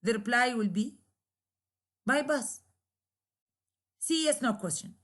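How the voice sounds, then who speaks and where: Woman teacher, arabic first language, talks slow and kinda high, says things twice, lots of uh's. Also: expressive, a bit bright. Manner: slow, repetitive explanation with many fillers, acting out example questions. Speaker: lecturer. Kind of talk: recorded English intonation lecture.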